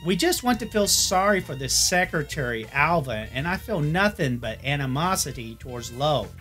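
A man's voice: fairly high pitch, big pitch swings, moderate pace, pushed and bright, faint music behind. Opinionated man reviewing a film.

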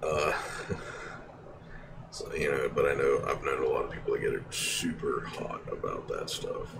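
Young guy streamer, super deep gravelly voice, rambles and chuckles a lot, mic kinda far off with noise behind. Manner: rambling, laughs often, halting restarts. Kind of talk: casual storytelling. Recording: distant mic with background noise.

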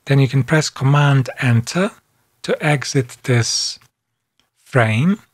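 Male tutorial narrator, slow deliberate delivery, calm step-by-step voice-over. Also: mid-range voice. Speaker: software instructor. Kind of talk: screen-recorded tutorial narration.

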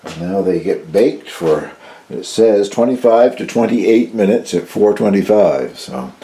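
An older man casually narrating his home baking for a cooking video, chatty and relaxed, tasting as he talks. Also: lowish voice, a little slow. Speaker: home baker, channel host.

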